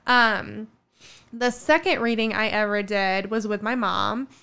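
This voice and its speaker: A woman's voice: medium pitch, measured pace, vocal fry, bright, forceful tone, clear, resonant tone. A young woman in her twenties telling a personal story in a casual podcast chat, full of fillers like "like" and "um". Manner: chatty storytelling with many fillers.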